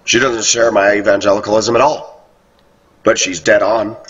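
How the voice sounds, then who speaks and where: A low, husky man rambles on at length, slipping into a higher voice whenever he quotes someone. He sounds set back from the mic on a dull, lo-fi recording. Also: level tone, normal speed, a bit bright. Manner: rambling, quotes others in raised voice. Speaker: video blogger. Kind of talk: rambling monologue. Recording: muffled, distant lo-fi recording.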